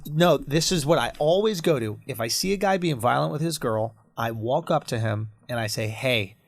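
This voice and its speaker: A man's voice: medium pitch, expressive, moderate pace, vocal fry, dry recording. A man co-hosting a comedy podcast, riffing on the stories of others with frequent laughter. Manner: jokey, laughs often, riffs on others' stories. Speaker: podcast co-host. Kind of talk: casual comedy banter.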